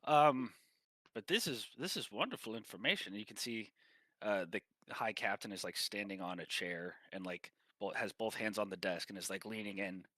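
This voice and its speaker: A man's voice: on the low side, normal speed, sharp tone, dry recording. A man running a tabletop game, narrating in a casual, rambling way. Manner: casual, rambling, full of fillers. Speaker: game master.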